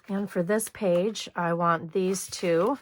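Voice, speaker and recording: A middle-aged woman hosting a hands-on scrapbooking tutorial, chatting casually as she works and clearing a slightly hoarse throat now and then. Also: mid-range voice, slight background noise. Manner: chatty, talks while working, frequent throat clearing. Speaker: scrapbooking host.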